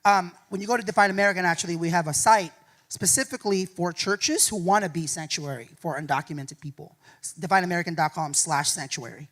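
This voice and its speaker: A man speaking at a university lecture hall, answering audience questions in a lively, joking way and often tagging his points with "right?". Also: sits high, fast. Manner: animated, joking, keeps adding "right?". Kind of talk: public talk Q&A.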